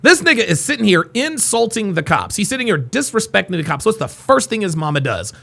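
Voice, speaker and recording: A man doing live reaction commentary in a loud, profane, exclamatory way. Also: high-pitched, sing-song, a little fast, gravelly. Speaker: streamer reacting to footage.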